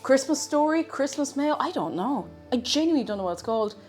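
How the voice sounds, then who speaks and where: Irish woman streamer, slightly high, very animated delivery, scatterbrained kitchen chatter over faint music. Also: quick pace. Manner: chatty and scatterbrained, hums little tunes. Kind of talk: casual live-stream chat while cooking.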